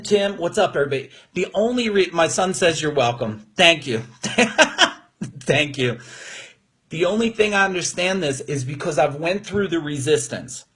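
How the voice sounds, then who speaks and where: A man with a fairly high, husky voice gives a motivational talk on a live call. He speaks with emphatic energy, as a coach rousing his audience. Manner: energetic, emphatic, gets emotional. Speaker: business coach. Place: his room at home.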